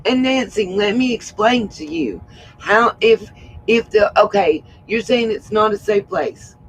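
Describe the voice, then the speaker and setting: A woman hosting a livestream, hoarse and frustrated, who keeps repeating her points with emphasis. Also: mid-range voice, measured pace, a little hiss or hum, poor audio. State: hoarse from hollering. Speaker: livestream host. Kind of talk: casual livestream talk.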